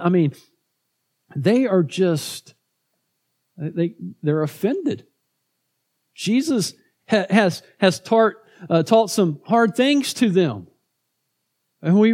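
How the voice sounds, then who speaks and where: A pastor preaching a conversational sermon, often repeating words and tagging points with "right?". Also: male voice, high-pitched, animated, slow pace, pauses often, darkish tone.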